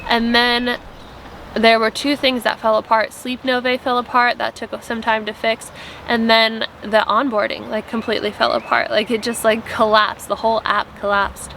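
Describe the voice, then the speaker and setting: Young woman vlogger, higher pitch, earnest rambling chat, faint outdoor noise in a tent. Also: flat delivery, moderate pace, creaky, sharp tone. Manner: earnest, rambling, many "like" fillers. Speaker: vlogger and app founder. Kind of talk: casual spiritual vlog chat. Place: tent at a campsite.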